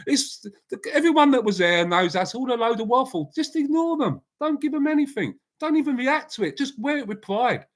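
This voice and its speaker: A man's voice: very high voice, sing-song, moderate pace, few pauses. A man hosting a casual live chat, talking bluntly in a rambling way and answering viewers by name. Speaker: livestream host.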